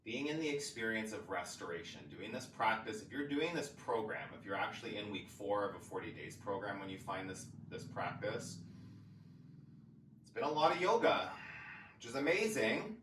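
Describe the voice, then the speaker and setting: A man leading a guided yoga class, giving calm, encouraging cues and counting breaths. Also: lowish voice, normal speed. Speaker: yoga teacher. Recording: roomy, distant, faint background hiss.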